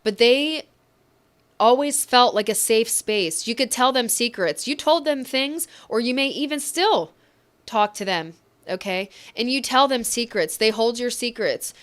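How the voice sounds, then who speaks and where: A woman giving an emotional, reassuring tarot reading, speaking gently and getting choked up at times. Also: a little high, animated, unhurried. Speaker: tarot reader.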